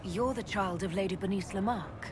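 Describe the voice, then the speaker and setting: A woman's voice: medium pitch, normal speed, close to an everyday voice. An actress voicing a composed female leader in a video game, speaking politely and formally. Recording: game audio with clear background noise.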